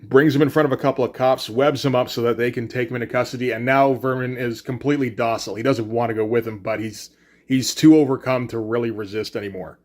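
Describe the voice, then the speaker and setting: A man's voice: mid-range voice, fairly even intonation, fast, darkish tone. A young man hosting a casual comic book breakdown, retelling scenes animatedly and quoting characters, with the odd swear. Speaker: comics review host.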